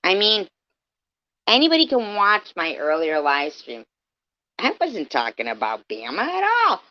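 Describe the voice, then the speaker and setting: A woman ranting profanely on a livestream, swinging from yelling to low muttering, heard through dull lo-fi stream audio. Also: huge pitch swings, a little slow, dry recording.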